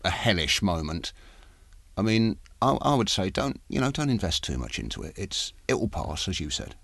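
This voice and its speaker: A man's voice: sits low, sing-song, normal speed, creaky, a bit bright, no room sound. A man, an actor co-hosting a podcast, chatting casually and repeating words as he searches for them. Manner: stammers, repeats words often. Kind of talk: casual chat.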